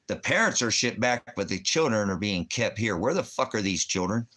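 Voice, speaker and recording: Deep-voiced guy ranting, swearing nonstop, heated and rapid-fire. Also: expressive, pushed and bright. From United States. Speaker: army veteran and former police officer. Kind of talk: angry ranting monologue.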